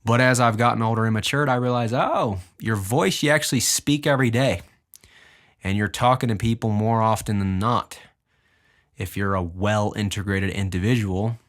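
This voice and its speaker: Young male podcast host, fairly low voice, lively casual delivery with a swinging pitch. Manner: animated, deliberately shifts his pitch up and down. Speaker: podcast host and music producer. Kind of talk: casual podcast talk explaining his own music.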